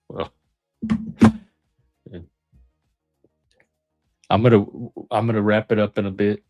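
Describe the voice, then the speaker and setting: A man hosting a live panel stream, chatting casually in a relaxed, friendly way and laughing easily. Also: on the low side, slow, pauses often, soft background music. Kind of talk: casual chat.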